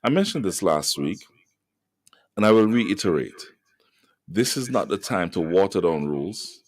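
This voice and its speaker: A man's voice: low-pitched, no echo, studio quality. A middle-aged man with a Jamaican accent hosting a radio talk show, preaching emphatic, moralizing commentary and repeating words for stress. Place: radio studio.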